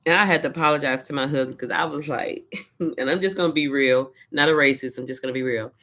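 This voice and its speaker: A woman's voice: rumbling low, quick pace, a bit bright. A woman from Louisiana, chatting casually in a vlog and retelling her days with quoted asides. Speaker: vlogger. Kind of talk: casual personal storytelling.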